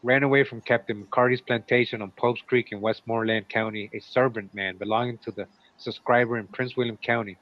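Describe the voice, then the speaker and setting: Casual male co-host reading old notices aloud, stopping to comment. Mid pitch, dry and muffled lo-fi recording. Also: fairly even intonation, fairly quick. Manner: reads old runaway ads, breaks off with asides. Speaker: show co-host. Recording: dull, lo-fi sound.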